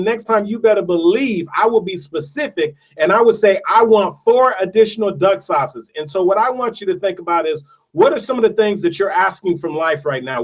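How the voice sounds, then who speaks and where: A man's voice: high voice, distant mic, highs cut off. A man telling a story and delivering a motivational talk, emphatic and repetitive. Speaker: motivational speaker. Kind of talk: motivational monologue.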